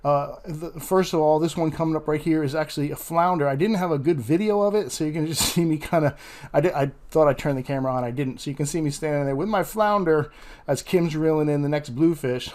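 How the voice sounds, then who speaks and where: A man's voice: a little high, fast talker, darkish tone. A man narrating his fishing vlog outdoors on a beach, chatty and laughing often as he talks to viewers. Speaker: fishing vlogger.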